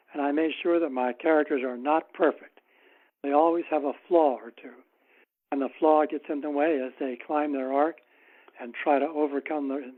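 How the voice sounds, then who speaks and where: Man telling stories over a tinny line. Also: a little high. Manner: anecdotal, unhurried, wry. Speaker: author guest. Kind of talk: casual interview storytelling.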